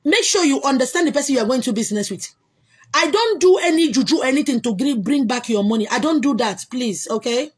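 A woman with a Nigerian accent hosting a casual livestream, answering viewer comments in an emphatic, repetitive way with loud exclamations. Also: sits high, lively intonation, fairly quick, breathy edge. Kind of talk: casual chat.

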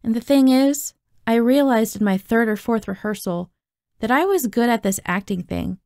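A woman's voice: a little high, normal speed, a little mellow, dry recording, clean studio sound. A woman reading a novel aloud, narrating expressively in the first person. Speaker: audiobook reader.

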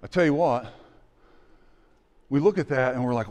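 A pastor preaching a sermon in a church, animated and acting out the people in the story, now and then shouting. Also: male voice, on the high side, fairly quick, long pauses, long reverb tail. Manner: animated, acts out voices and shouts. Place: church sanctuary.

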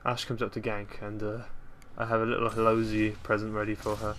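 A man talks over his gameplay in a relaxed, rambling commentary. He keeps undercutting himself with dry, self-mocking jokes. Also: fairly low pitch, brisk, a little hiss or hum. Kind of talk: casual game commentary.

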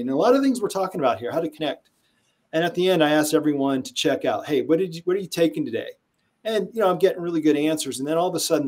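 A man with a somewhat high voice, being interviewed as a sales trainer. He tells stories in a lively way and acts out what people said. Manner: animated storyteller who acts out quotes. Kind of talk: conversational interview storytelling.

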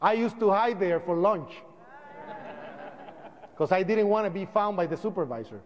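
Animated guy acting out his story in a public talk, sounds muffled and lo-fi, big hall reverb. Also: high voice, moderate pace. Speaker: speaker recounting events.

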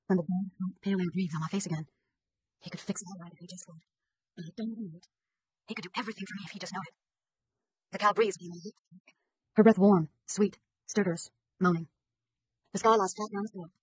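A woman's voice: on the low side, a little mellow, slightly rough, no room sound, low-quality recording. A woman reading literary fiction aloud as an audiobook narrator, narrating in first person and giving the dialogue in a rural dialect. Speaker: audiobook reader.

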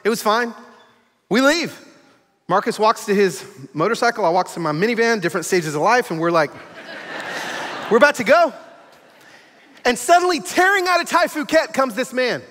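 A man preaching a sermon as a guest preacher, telling stories in an animated way and acting out the quotes. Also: very high-pitched, normal speed, pauses often, long reverb tail. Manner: animated storytelling with acted quotes. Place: large church sanctuary.

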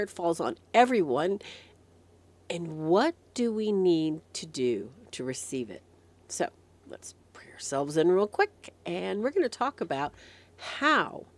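Low-voiced woman host with a head cold. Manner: animated storyteller, clears throat often. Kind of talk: devotional meditation talk.

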